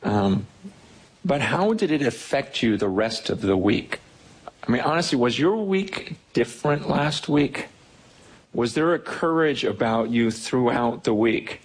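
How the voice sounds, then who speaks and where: A man preaching a sermon as pastor, reading a psalm slowly and then explaining it in an animated way, often repeating words as he gets going. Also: medium pitch, husky, low-quality recording. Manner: animated, stammering repeats when excited.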